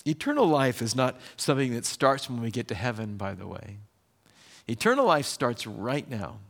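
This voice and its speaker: Lively man preaching a sermon. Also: mid-range voice, vocal fry. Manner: lively, conversational preaching with quick bursts. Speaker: pastor.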